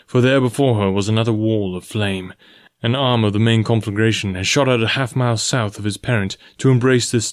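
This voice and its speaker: Guy reading an old adventure novel aloud, steady even delivery, dry studio sound. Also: on the low side, dry recording. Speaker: audiobook narrator. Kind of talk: scripted narration.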